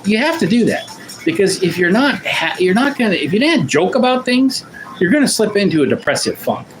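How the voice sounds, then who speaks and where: A man's voice: high voice, very animated, a little fast, a little hiss or hum, rough recording. Rambling self-deprecating male livestream host. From Portland, Oregon, USA. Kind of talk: rambling casual chat with viewers.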